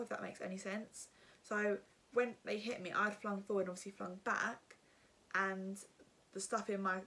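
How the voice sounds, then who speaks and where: A young woman tells her viewers a story in a loose, chatty way. She rambles and fills her sentences with fillers, and her voice sits in a middling pitch. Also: a bit bright. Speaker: vlogger. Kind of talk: casual storytime.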